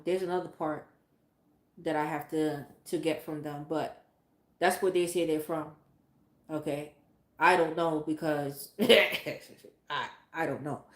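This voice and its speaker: A woman with a fairly low voice talks casually and bluntly, swearing freely and padding her sentences with "like" and "um". The sound is roomy and echoey, as if recorded in a bare room. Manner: candid and profane, rambling with fillers like "like" and "um". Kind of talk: casual chat.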